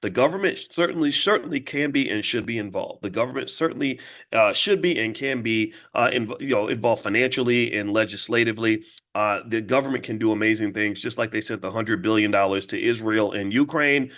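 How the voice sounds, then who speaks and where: A middle-aged man giving an animated talk to an audience, emphatic, acting out little dialogues as he goes. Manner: fast, emphatic, acts out dialogue with jumps in pitch. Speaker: finance commentator addressing an audience. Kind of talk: animated monologue.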